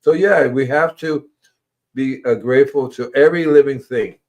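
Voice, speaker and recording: A man's voice: moderate pace, a little mellow. A man hosting a gardening livestream, talking casually in a rambling way and repeating his words. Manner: rambling, repeats words, acts out animals in squeaky voices. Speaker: gardening show host.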